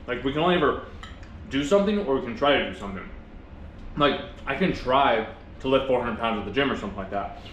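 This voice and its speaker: A man talks quickly through a casual motivational vlog, chewing and speaking with his mouth full. His delivery is earnest and rambling, full of restarts, at an ordinary pitch. The room is echoey, with faint background noise. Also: expressive, fairly bright tone. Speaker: vlogger.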